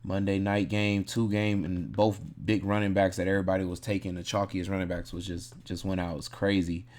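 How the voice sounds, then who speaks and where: Thinking aloud in a laid-back, rambling way, a man breaks down his fantasy football picks and corrects himself as he goes. His deep voice holds a level tone, a little fast and a little mellow.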